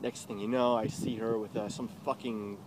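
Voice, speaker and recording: A man telling a story in an excitable, profane rant and acting out the quotes, from a noisy old video clip. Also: on the low side, normal speed. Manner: excitable, swearing, acts out quotes. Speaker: vlogger.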